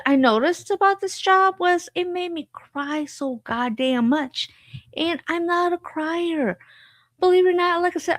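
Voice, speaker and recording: A woman's voice: fairly high pitch, no echo, studio quality. A woman hosting a podcast, candidly telling her own story in an emotional, frank way full of fillers and repeats.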